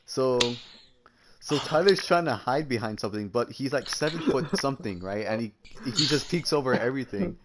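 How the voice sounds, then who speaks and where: A man's voice: mid-range voice, animated, moderate pace, background noise. A young man casually telling a story on a podcast over an online call, often adding "right?" and acting out what people said. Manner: rambling, says "right?" often, acts out quotes. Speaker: podcast co-host. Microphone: online call mic that cuts out.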